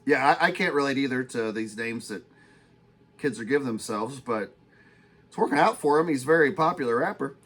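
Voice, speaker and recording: A man hosting a casual podcast, talking calmly and reading stats in a dry, plain manner. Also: medium pitch, brisk, slightly rough. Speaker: podcast host.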